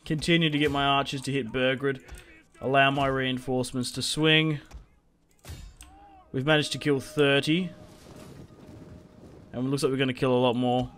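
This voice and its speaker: A man's voice: mid-range voice, flat delivery, moderate pace, long pauses, a bit bright. Man muttering battle orders. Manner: chatty, muttering orders to his troops. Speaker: gaming video creator. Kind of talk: casual gameplay commentary.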